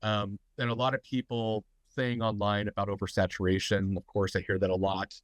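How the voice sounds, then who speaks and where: Middle-aged male host, low and congested, rambling live talk, dry sound. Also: level tone, a little fast, no room sound, rough recording. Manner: rambling, frequent fillers and restarts. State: stuffy, congested. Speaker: host of a tattoo business talk. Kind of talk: live online business talk.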